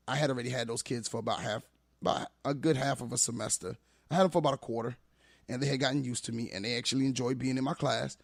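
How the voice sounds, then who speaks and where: A man who works as a teacher, talking as a guest on a podcast, telling animated, emphatic stories. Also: mid-range voice, gravelly, no echo, studio quality. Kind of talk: casual podcast conversation.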